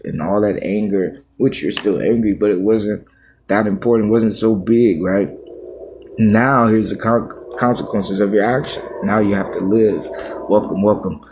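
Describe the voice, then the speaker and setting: A man who is a pastor talking on a livestream, confessing in a halting, repetitive, raw way. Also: fairly low pitch, fairly even intonation, a little mellow, a little hiss or hum. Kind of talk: emotional confessional livestream talk.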